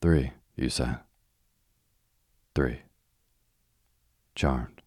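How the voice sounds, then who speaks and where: Brief: a man reads a matter-of-fact tycoon, very low and steady, dry studio sound. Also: very slow, slightly rough, dry recording, full character voice. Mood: brisk. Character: brisk decisive American male millionaire. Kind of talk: calm audiobook reading.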